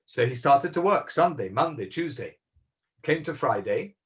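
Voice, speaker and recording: A man's voice: medium pitch, expressive, normal speed, a bit bright. A man serving as rabbi, telling a story sermon-style over a video call, earnest and emphatic, repeating key words and acting out quoted dialogue.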